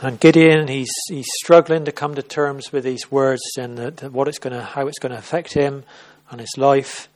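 A man's voice: medium pitch, fairly even intonation, moderate pace, few pauses, a little mellow. A man giving an informal sermon at a church service, retelling a Bible story in a conversational way and often restarting and repeating words. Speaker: preacher.

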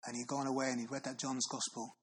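Earnest preacher, husky voice. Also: male voice, mid-range voice, level tone, rough recording. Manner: earnest, asks the listener questions with tag phrases; slows down for solemn Bible readings. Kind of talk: sermon.

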